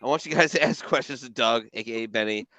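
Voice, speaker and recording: A man's voice: medium pitch, fast, bright, forceful tone, no echo. A man hosting a podcast in casual chat, joking and swearing as he hands the show to his co-hosts. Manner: loose, joking handoff talk with swearing. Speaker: podcast host.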